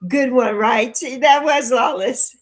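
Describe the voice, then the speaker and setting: A woman in her early sixties hosting a casual livestream, chatting warmly and repeating her phrases as she answers viewers' comments. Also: on the high side, slow pace. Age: 60s. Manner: warm, chatty, repeats phrases, laughs often. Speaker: livestream host.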